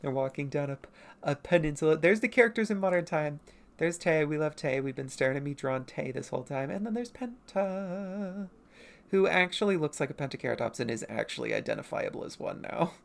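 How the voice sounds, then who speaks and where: A woman's voice: low-pitched, quick pace, creaky. A woman comic artist chatting on her livestream about her old drawings, rambling and self-mocking. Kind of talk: casual livestream chat.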